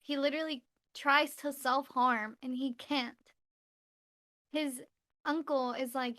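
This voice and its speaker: High-voiced chatty woman co-host. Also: fairly even intonation, slow pace, long pauses, sharp tone. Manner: chatty, acts out quotes in retelling. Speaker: podcast co-host. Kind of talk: casual chat.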